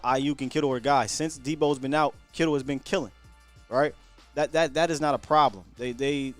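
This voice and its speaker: A man hosting a call-in sports talk show, giving emphatic, fired-up opinions to callers. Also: medium pitch. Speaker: sports talk radio host.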